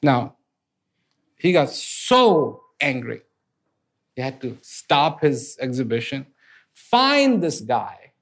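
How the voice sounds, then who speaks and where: A man telling folk parables in a casual, animated way, with conversational fillers. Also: medium pitch, slow, pauses often. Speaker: storyteller. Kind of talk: casual spoken storytelling.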